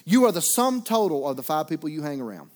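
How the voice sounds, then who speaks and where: High-voiced preacher man. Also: big pitch swings, fast. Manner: folksy and humorous, swings from loud preaching to quiet asides. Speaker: pastor. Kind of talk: sermon.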